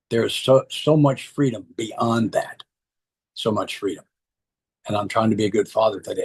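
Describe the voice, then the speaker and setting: Husky earnest man sharing his recovery story. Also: on the low side. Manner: earnest, emphatic, repeats key phrases. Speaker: recovery meeting speaker. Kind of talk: personal testimony to a recovery group.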